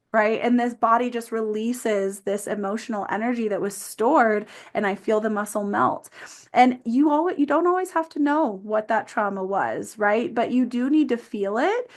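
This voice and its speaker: Woman, fairly high voice, therapist guest, earnest explaining, filler words. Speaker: pelvic floor physical therapist, podcast guest. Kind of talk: explanatory interview talk.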